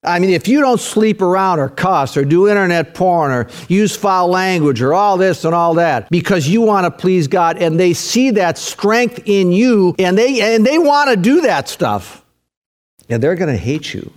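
A middle-aged man preaches with emphatic, insistent delivery. He leans on repetition to drive his points home, in a voice pitched a little above average for a man. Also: animated, normal speed. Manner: emphatic preaching, repeats key phrases. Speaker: pastor. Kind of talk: sermon.

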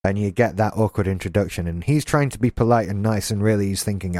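A man's voice: fairly low pitch, fast talker, a little mellow, no room sound, studio quality. A man co-hosting a podcast, riffing in casual chat with jokey, rambling tangents. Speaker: podcast co-host.

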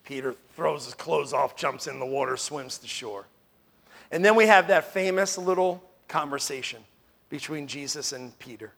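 A man from New York preaching a sermon as pastor, emphatic, swinging from loud declarations to hushed tones and asking the room "Amen?" often. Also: a little high, normal speed, creaky.

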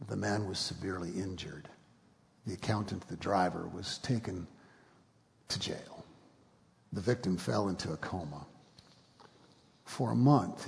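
Male pastor, mid-pitched gravelly voice, sermon with story, drops to hushed tones, reverberant church hall. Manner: storytelling, drops to near whisper at solemn moments, rises to urgent questions. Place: church sanctuary.

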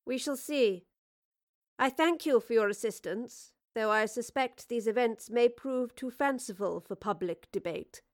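A stately older queen, as a woman puts her on, gracious but commanding, with formal, measured speech. The voice sits a touch higher than the reader's own, in a spoken storybook. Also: close to an everyday voice. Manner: formal and regal.

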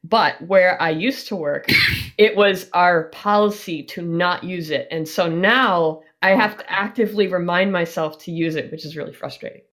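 A woman's voice: lowish voice, normal speed, a bit bright. A woman guest in casual podcast chat, chatty, laughing often and trailing off mid-sentence.

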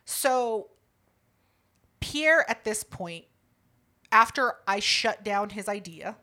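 A woman's voice: mid-range voice, expressive, slow, sharp tone. A woman co-hosting a casual podcast, blunt and teasing, swearing freely. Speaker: podcast co-host.

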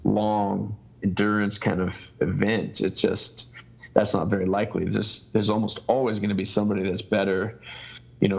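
A low-pitched man with a gravelly, husky voice tells a long story as a guest on a casual interview. He circles back and restarts his sentences constantly. The recording is dull and lo-fi. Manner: halting storytelling with many restarts. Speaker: ultrarunner guest.

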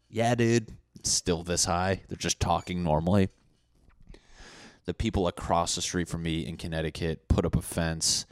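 Profane low-voiced man ranting on a podcast. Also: no echo, studio quality. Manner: profane, rambling, acts out neighbors in loud mocking voices. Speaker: podcast host. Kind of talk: solo comedic podcast rant. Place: indoors at home.

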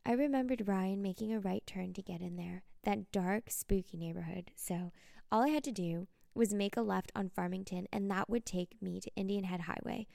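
Gravelly woman narrating a dark tale. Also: medium pitch, moderate pace, no echo, clean studio sound. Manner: cold, menacing, profane. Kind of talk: first-person dark story narration.

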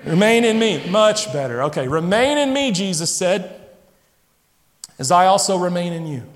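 Animated male pastor in a reverberant hall. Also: high-pitched, normal speed, a little hiss or hum. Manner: animated, acts out voices of listeners and his kids. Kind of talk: sermon. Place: church sanctuary. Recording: long reverb of a large hall.

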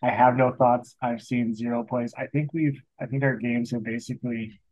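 A man's voice: mid-range voice, little pitch movement, moderate pace, a little mellow, dry recording. A man co-hosting a podcast, speaking hesitantly and restarting his sentences in casual sports chat. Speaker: podcast co-host. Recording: slightly muffled lo-fi audio.

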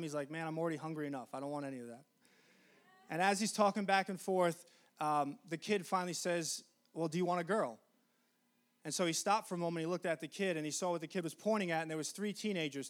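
Earnest man telling a sermon story. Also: a little high. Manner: earnest, conversational, with many restarts. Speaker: pastor.

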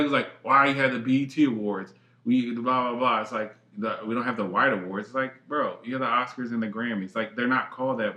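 A man's voice: mid-range voice, bright, forceful tone. A man co-hosting a casual chat, emphatic and slangy with plenty of swearing. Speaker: podcast co-host. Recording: echoey room.

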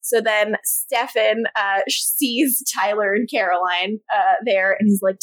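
A woman co-hosting a podcast, casually recapping episodes, laughing often, swearing and quickly quoting characters. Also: medium pitch, steady tone, a bit bright, no room sound. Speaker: podcast co-host.

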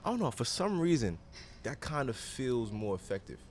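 A man with a New York accent, hosting an interview and chatting quickly and casually, sharing his own opinions. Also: medium pitch, very animated, slight background noise. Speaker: podcast host.

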